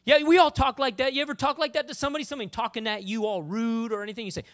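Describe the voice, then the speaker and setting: A woman preacher giving a sermon in a conversational, animated way, often acting out the voices of the people she talks about. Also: fairly high pitch, racing.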